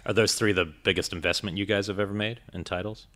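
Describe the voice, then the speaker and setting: Deep-voiced male podcast host. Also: fairly even intonation, quick pace, fairly bright tone. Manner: curious, asks follow-up questions. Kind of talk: casual interview chat.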